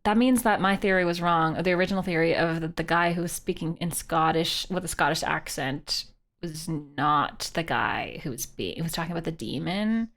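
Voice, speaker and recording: With a deep voice at a moderate pace, a Canadian streamer comments casually on the game she's playing live. She keeps things animated and playful, joking with her chat.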